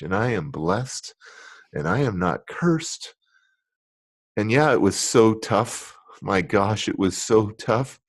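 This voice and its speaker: A middle-aged man, a guest on a podcast interview, telling a deeply personal story in an earnest, emotional way that builds into motivational encouragement. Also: animated, slow pace, breathy edge.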